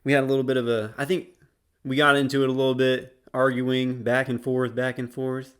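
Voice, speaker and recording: A man's voice: medium pitch, flat delivery, brisk, fairly bright tone, clean tone. A young man casually telling a school story as a YouTuber, slangy and rambling. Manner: slangy, rambling, laid-back.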